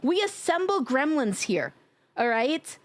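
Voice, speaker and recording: A woman streaming live in a casual, playful chat, teasing her viewers and laughing loudly. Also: big pitch swings, measured pace, no room sound. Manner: drops to a low sultry tease at times.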